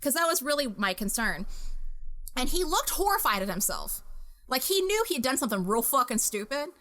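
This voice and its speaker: This is a young woman with a bright, ringing voice that sits a little high for a woman. She is hosting a casual podcast and tells her stories in an animated, profane way, breaking into laughter along the way. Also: fairly quick. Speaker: podcast host. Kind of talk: casual storytelling chat.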